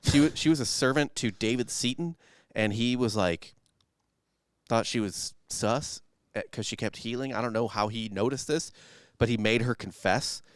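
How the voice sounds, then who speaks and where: A man's voice: medium pitch, normal speed, clear, resonant tone, no echo, studio quality. A young man hosting a casual comedy history podcast, telling the story in a rambling, joking way. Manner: joking, rambling storyteller, playful quoted voices.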